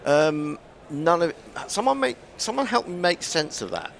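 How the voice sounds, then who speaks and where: Brief: male cricket commentator, gravelly tone, lively up-and-down delivery, chatty and rambling. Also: on the high side, unhurried, slight background noise. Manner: chatty, musing aloud with restarts. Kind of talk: ball-by-ball radio commentary.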